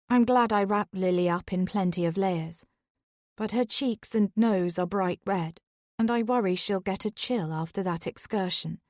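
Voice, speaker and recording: A woman reading a first-person thriller audiobook in a calm, even storytelling voice. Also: mid-range voice, no echo, clean studio sound. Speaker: audiobook narrator.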